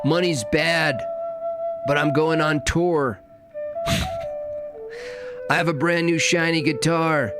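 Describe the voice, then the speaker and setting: A man voicing a smug, naive hippie-like preacher in a slow, drawn-out, mocking delivery. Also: on the high side, wildly swooping pitch, loud music behind the voice, voice pushed up, heavily acted. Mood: dreamy.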